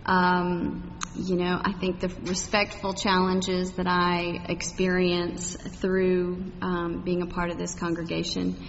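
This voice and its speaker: A woman's voice: on the low side, monotone, slow, gravelly, few pauses. Woman, middle-aged, from Texas, rambling testimony, faint background hiss, long hall reverb. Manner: rambling, many fillers and asides. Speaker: congregation member. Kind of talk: personal testimony talk. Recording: muffled echoey hall recording.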